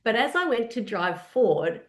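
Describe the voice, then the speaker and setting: A woman's voice: on the high side, moderate pace, echoey room. A woman from Australia with an Australian accent, telling a personal story while presenting a webinar in a conversational way. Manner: conversational storytelling, animated asides.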